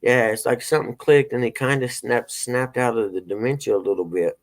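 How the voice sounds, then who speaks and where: A man's voice: mid-range voice, fairly quick. A middle-aged man, hosting a casual morning show and telling rambling, folksy stories. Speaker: host.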